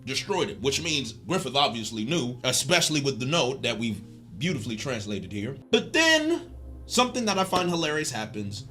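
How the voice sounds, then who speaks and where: A man hosting a casual video essay, animated and joking in slangy speech. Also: medium pitch, moderate pace, soft background music.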